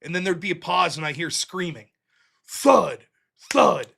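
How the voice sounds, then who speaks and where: A man's voice: fairly high pitch, fast talker, gravelly, sharp tone. A middle-aged American man hosting his show, telling a long story in a casual, profane way and acting out the quotes. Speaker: host.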